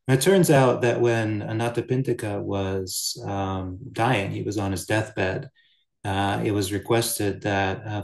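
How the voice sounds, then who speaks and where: Low-voiced man giving a dharma talk. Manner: relaxed, storytelling, with fillers. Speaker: Buddhist teacher. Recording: roomy echo.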